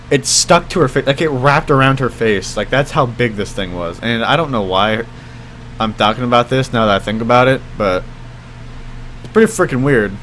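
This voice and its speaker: A young man casually telling a story on his vlog, rambling with lots of fillers and jumping his pitch when he quotes people. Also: a bit bright, a little hiss or hum. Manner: rambling, many fillers like "like" and "I mean"; acts out quoted voices with jumps in pitch. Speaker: vlogger.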